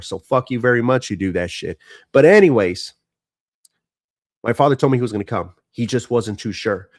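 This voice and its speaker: A man's voice: mid-range voice, dry recording, clean studio sound. A man streaming live, frankly telling a personal family story in a casual, profane and emotional way.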